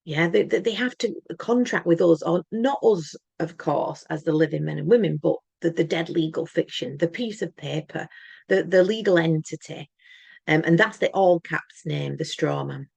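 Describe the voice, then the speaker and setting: A woman's voice: low voice, normal speed, vocal fry, a little mellow, breathy edge, dry recording, lo-fi sound. A woman talking in an earnest, emphatic monologue to camera, rambling and often restarting her words. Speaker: channel host.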